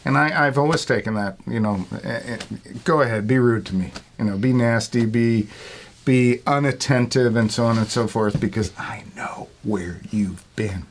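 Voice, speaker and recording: Laughing along as he goes, this longtime retail worker, a middle-aged man, spins rambling, profanity-laced stories in a casual way. He speaks in a mid-range voice at normal speed, with slight hiss or hum in the recording.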